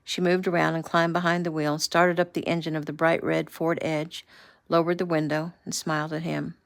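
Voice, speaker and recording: Relaxed woman reading her own novel. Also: low voice, fairly quick, gravelly, dry recording, clean studio sound. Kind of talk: casual audiobook narration.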